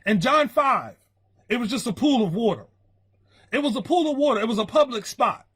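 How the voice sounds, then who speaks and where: Preacher guy, real high husky voice, keeps repeating himself for emphasis. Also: animated, normal speed, fairly bright tone. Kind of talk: sermon.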